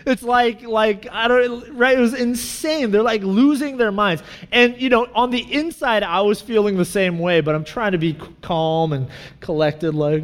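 A man's voice: high voice, normal speed. A man telling a personal story in a sermon, casual and chatty, full of asides and fillers. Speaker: pastor. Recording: reverberant hall.

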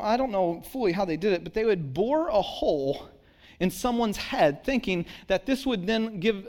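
A man preaching a sermon to a congregation in a conversational way, acting out quotes and dropping low and quiet to stress a point. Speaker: pastor. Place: church.

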